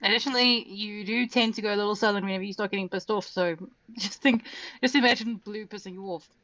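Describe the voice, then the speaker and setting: A woman's voice: medium pitch, fairly even intonation, fast, fairly bright tone, no room sound. A woman playing a tabletop game, arguing her point emphatically and swearing casually. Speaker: player. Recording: dull dry recording.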